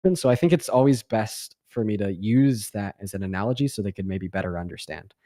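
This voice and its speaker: Young male stream host, quick sarcastic rambler, dry close sound. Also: fairly low pitch, dark tone, dry recording. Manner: rambling, filler-heavy, sarcastic. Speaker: livestream debate host. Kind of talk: casual livestream chat.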